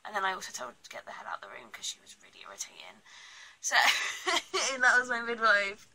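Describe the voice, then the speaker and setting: A young woman with a British accent talks straight to the camera in a casual vlog. Her voice is very bright and sits a little high, and she rants bluntly with plenty of laughs. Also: rough recording. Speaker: vlogger. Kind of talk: casual pregnancy vlog chat.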